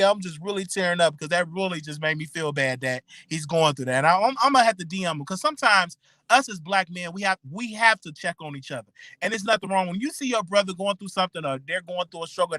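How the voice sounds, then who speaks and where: A man's voice: high voice, quick pace, bright, forceful tone, dry recording. A man hosting his own show, talking casually to his listeners in a chatty way, often repeating himself and restarting his words. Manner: repetitive, chatty, stammering restarts; addresses listeners directly. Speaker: show host. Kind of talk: casual commentary stream.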